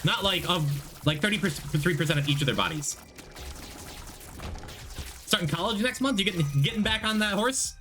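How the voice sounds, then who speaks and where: Lively, bright-voiced male streamer. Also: high voice, normal speed, pauses often, soft background music. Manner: rambling, reads and answers chat, joking. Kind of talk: casual live-stream chat while gaming.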